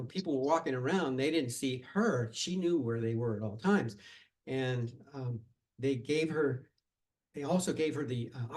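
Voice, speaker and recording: A man telling a tall tale at a live storytelling contest, speaking in an animated, dramatic way. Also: mid-range voice, low-quality recording.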